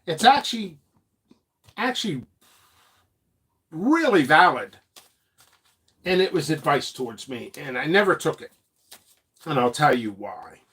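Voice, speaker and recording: A man chatting freely to his viewers as a seed seller, his fairly high voice bouncing up and down. He jumps from topic to topic, cracking jokes and laughing along the way. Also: big pitch swings, measured pace, long pauses, pushed and bright, husky. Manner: rambling, joking, laughs a lot. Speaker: seed seller and channel host. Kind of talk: free-flowing casual talk to viewers.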